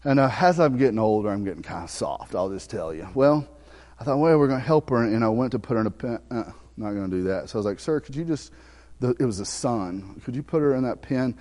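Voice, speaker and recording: Folksy Southern pastor in a reverberant church. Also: male voice, medium pitch, animated, fast talker. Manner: folksy storytelling, swings from loud preaching to soft, hushed asides. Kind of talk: sermon with personal story. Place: church sanctuary.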